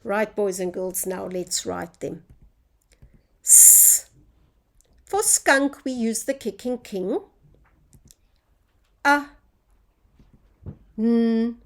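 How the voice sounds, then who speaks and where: A woman's voice: mid-range voice, unhurried, few pauses. A woman teaching a phonics lesson to young children, drawing out each sound in a sing-song teacher voice.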